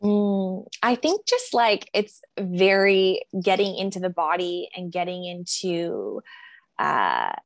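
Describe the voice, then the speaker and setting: A woman with a lowish, gravelly voice, musing aloud in a relaxed podcast interview. She rambles and reflects, leaning on fillers as she talks. The sound is dry and close. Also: slow, dry recording. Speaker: guest, body acceptance coach.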